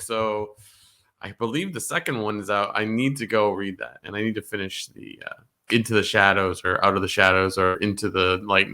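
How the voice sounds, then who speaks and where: A man's voice: lowish voice, sharp tone. A man co-hosting a podcast, talking casually and with enthusiasm, packing his speech with "like" and "um". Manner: enthusiastic, heavy use of "like" and "um". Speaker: podcast co-host. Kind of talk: casual chat.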